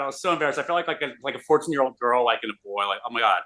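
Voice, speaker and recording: A man, a radio host, telling an animated story in a casual interview. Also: medium pitch, racing, few pauses. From Austin, Texas. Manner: animated, excitable storyteller with many restarts.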